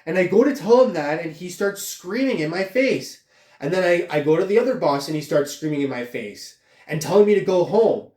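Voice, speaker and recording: A man with a fairly high voice rants in a rambling, profanity-laced tirade, his anger building as he goes. He is recorded a little away from the mic in an echoey room. A faint hum of room ambience sits behind him. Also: expressive, a little fast, darkish tone, recorded from a distance. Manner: angry, rambling, heavy swearing. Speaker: vlogger venting about job loss. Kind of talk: profane venting monologue.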